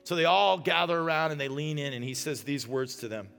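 Man preaching, earnest pleading sermon, high-ish bright voice, hall reverb with soft music. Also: brisk, creaky. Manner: earnest, pleading, drops to a hush for prayers. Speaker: pastor. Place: church auditorium.

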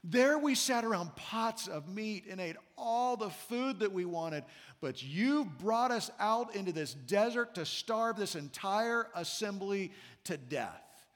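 A man's voice: high-pitched, expressive, slow pace, a bit bright, heavily acted. A man voicing a crowd of whiny, complaining ancient wanderers, read in a whiny voice during a sermon in a reverberant hall.

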